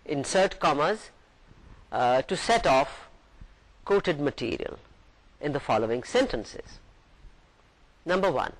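A man's voice: on the high side, animated, takes it slowly, long pauses, low-quality recording. A man giving a recorded university lecture, patiently explaining each point and reading example sentences aloud.

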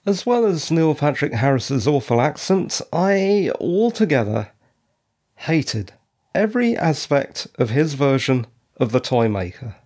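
A man hosting a review show, talking through his opinions in a measured, dryly critical way. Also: fairly high pitch, big pitch swings, darkish tone. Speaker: podcast reviewer. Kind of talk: solo review commentary.

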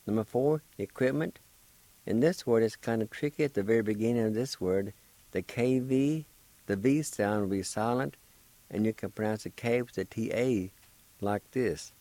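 Low-voiced guy doing a slow language lesson, spells stuff out bit by bit, dry close mic. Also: warm tone, no room sound, poor audio. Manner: slow, patient, spells out syllables one at a time; encouraging. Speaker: radio host teaching Cherokee.

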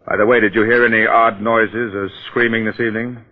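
A man's voice: fairly low pitch, flat delivery, close to an everyday voice. A man playing a probing police detective. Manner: measured, probing questions. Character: shrewd male police detective, polite but probing. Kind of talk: 1940s radio acting. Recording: tinny old radio broadcast.

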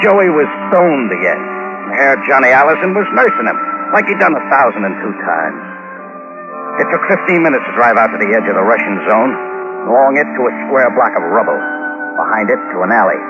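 An actor playing a hard-bitten carnival owner who narrates tersely in a 1940s radio drama. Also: male voice, mid-range voice. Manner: terse, cold, brooding narration. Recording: dull old radio recording with music behind.

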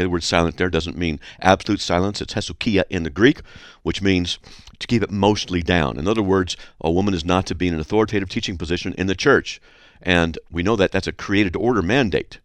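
A man hosting a radio show, reading listener mail aloud with sarcastic, animated commentary and frequent throat clearing. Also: low-pitched, dry recording.

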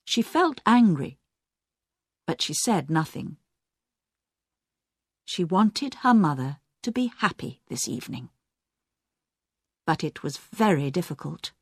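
A woman narrating a simple story very slowly and deliberately, with lively changes of pitch. She is recorded close and dry, with no room sound. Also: dry recording. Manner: very slow, clear, deliberate. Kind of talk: slow graded-reader story narration.

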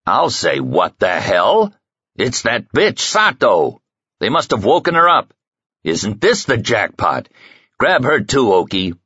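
A brutish security chief snarls and growls his threats slowly, as a man reading the book puts him on. The voice comes through dull and lo-fi, close and dry. It is husky and rough-edged. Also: on the low side, wildly swooping pitch, pushed and bright, no echo, heavily acted. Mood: snarling. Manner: growling, slow and menacing. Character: snarling thuggish adult male security chief.

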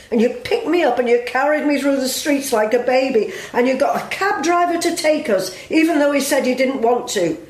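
A woman playing blunt, hurt friend. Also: sits high. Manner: blunt, emotional, slangy. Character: blunt, wounded working-class woman friend. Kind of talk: audio drama acting. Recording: roomy echo.

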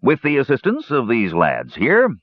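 A man voicing a gruff, boastful old male dwarf who mumbles, sighs heavily, and roars when pushed. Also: mid-range voice, huge pitch swings, moderate pace, highs cut off, voice pushed up. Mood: rambling. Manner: roaring, sighing, mumbling.

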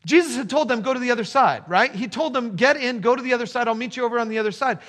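A man's voice: extremely high pitch, very fast, a bit bright. A man preaching a sermon as a pastor, telling the story with repeated phrases and building emphasis. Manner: storytelling with rising emphasis and repetition.

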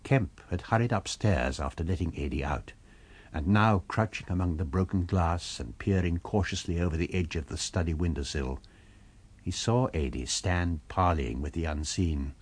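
A man narrating a novel in a measured storytelling manner. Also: low-pitched, slightly rough. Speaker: audiobook narrator. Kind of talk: scripted narration.

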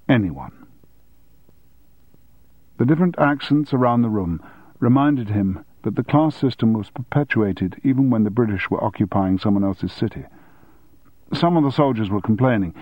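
A man narrating an audiobook in a measured storytelling manner. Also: lowish voice, no echo. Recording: dull dry studio audiobook recording.

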